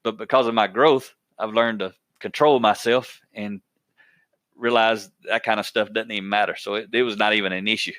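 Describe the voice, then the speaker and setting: A man's voice: lowish voice, steady tone, normal speed, fairly bright tone, no echo. Plainspoken man telling a work story. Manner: plainspoken, folksy, repeats himself while storytelling. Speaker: podcast host. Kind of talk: storytelling podcast monologue.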